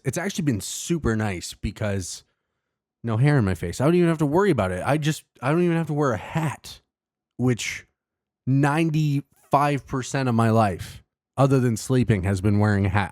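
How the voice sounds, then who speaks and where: A man's voice: mid-range voice, a little mellow, no room sound. Guy ranting on his own show, sarcastic and sweary, dry close sound. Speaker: podcast host. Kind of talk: casual monologue.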